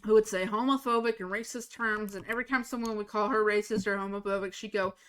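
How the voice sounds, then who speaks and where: Casting: blunt, animated woman streamer with a bright voice, chatting while she plays. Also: mid-range voice, fast talker, clear, resonant tone. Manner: blunt, swears freely, animated storyteller. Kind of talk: casual chat while gaming.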